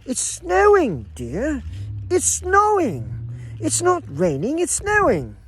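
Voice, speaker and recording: A man voicing a Russian wife who fussily corrects her husband in a high, drawn-out, chiding voice. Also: huge pitch swings, a bit bright, a little hiss or hum, heavily acted.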